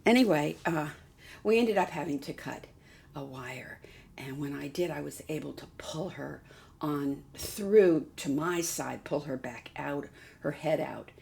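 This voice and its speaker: A woman hosting a doll vlog in casual chat, cooing softly to a doll and often dropping to a half-whisper. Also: sits low, measured pace, gravelly. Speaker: doll collector and channel host.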